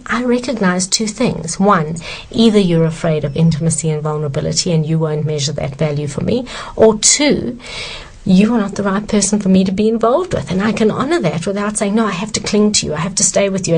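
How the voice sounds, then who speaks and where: A woman's voice: on the low side, a little mellow. A woman author earnestly answering questions about self-esteem, emphatic and sincere.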